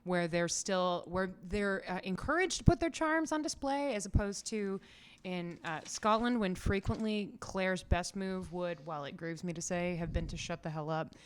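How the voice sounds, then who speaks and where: A woman's voice: on the low side, normal speed, clear, resonant tone. A young adult woman co-hosting a podcast, chatting casually and analytically, laughing often. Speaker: podcast co-host. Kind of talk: casual chat.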